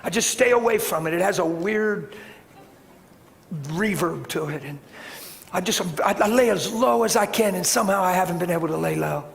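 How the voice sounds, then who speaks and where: High-voiced male preacher telling stories. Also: normal speed, gravelly. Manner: animated storytelling, plain-spoken. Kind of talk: sermon. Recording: echoey hall, faint background noise.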